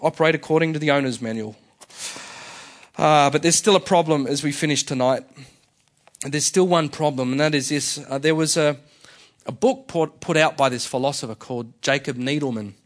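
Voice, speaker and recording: A man's voice: a little high, moderate pace, long pauses. Conversational male pastor preaching. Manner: conversational, with frequent fillers and restarts. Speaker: senior pastor. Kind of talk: sermon.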